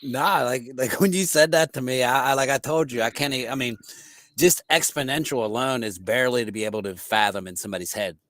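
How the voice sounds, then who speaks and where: Brief: laid-back male podcast co-host, middle pitch, dry close sound. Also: brisk, no echo. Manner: loose, relaxed, filler-heavy. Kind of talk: casual podcast talk.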